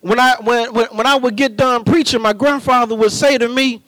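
High-voiced impassioned preacher man. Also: dry recording, poor audio. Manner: impassioned, rising to shouts and drawn-out emphasis. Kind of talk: sermon.

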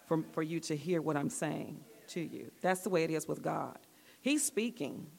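Woman, church group leader, patient instructions, raspy fry, echoey room. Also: low-pitched. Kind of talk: instructing a group exercise, devotional talk. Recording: long echoey hall reverb.

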